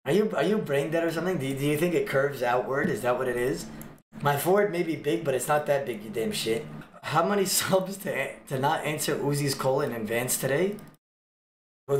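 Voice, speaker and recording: A man livestreaming, joking with his chat in loud, swearing banter. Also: fairly high pitch, echoey room, a little hiss or hum.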